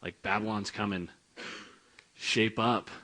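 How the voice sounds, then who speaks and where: A young man giving a relaxed, conversational sermon in church, full of filler words and lively retellings. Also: on the low side, takes it slowly. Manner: informal, many filler words, animated retelling. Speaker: preacher.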